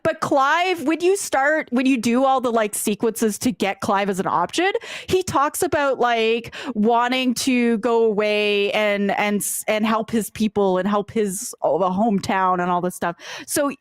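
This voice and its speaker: A woman's voice: on the high side, no room sound, studio quality. A woman co-hosting a casual game review chat, animatedly retelling scenes and acting out characters' lines, swearing now and then. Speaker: podcast co-host.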